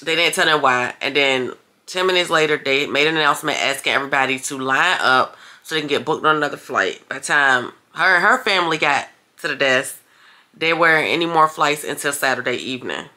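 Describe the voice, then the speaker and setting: A woman talks straight to her viewers in a casual vlog. She is chatty and blunt, calls them y'all and swears freely when something annoys her. Her voice sits a little low but comes across bright and forceful. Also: a little fast. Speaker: vlogger. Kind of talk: casual vlog talk to camera.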